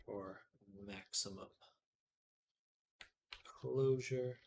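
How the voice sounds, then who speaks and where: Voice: mid-range voice, extremely slow, gravelly, darkish tone. A streamer giving casual live commentary while working, muttering to themself and chatting with viewers.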